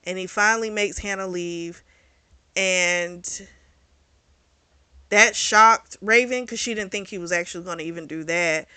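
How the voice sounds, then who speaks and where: Bright chatty woman recapping a book. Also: on the low side, measured pace, long pauses, clean tone, no room sound. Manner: chatty retelling with quoted dialogue. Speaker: book review host.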